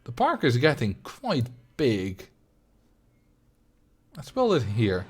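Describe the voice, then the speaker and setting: A man with a Dutch accent chatting casually while he livestreams a game, rambling and thinking out loud at a desk mic. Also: medium pitch, wildly swooping pitch, slow pace, husky. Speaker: streamer.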